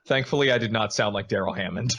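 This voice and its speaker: Voice actor guy on a podcast, lowish voice, chill and self-deprecating. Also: fairly bright tone, breathy edge. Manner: easygoing, self-deprecating, laughs along. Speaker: voice actor guest. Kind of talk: casual podcast chat.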